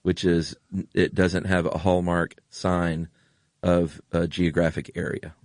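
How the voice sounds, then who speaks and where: A man's voice: deep voice, level tone, slow, a little mellow, dry recording, studio quality. A man with a General American accent co-hosting a podcast in casual chat, gushing with enthusiasm and repeating himself. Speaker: podcast co-host.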